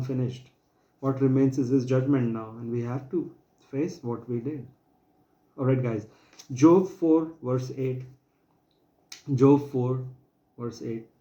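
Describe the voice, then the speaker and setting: A man's voice: medium pitch, mellow, reverberant, muffled recording. A man preaching a sermon in an earnest, pleading way, repeating himself and quoting scripture.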